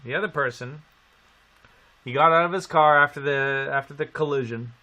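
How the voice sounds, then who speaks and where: A man from Canada casually telling a story on a live stream, animated and swearing. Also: medium pitch, normal speed. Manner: animated, swearing storyteller who acts out quotes.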